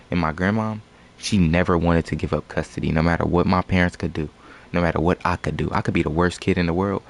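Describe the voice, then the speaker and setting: Deep-voiced young man telling a story. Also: fairly even intonation, quick pace, gravelly. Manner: loose slangy rambling storytelling. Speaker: streamer. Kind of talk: casual storytime. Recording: music playing behind.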